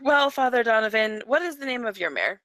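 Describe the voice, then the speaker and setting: A woman playing a tabletop game, asking brisk, direct questions in character and out. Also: on the high side, expressive, a bit bright, no room sound. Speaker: player. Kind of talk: tabletop role-play.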